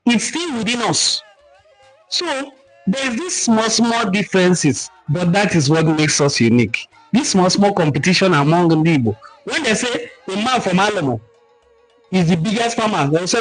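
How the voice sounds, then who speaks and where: A Nigerian man hosting a cultural livestream, teaching in an animated, emphatic way and reading out viewer comments. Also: high-pitched, normal speed, faint music behind, rough recording. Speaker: cultural talk host.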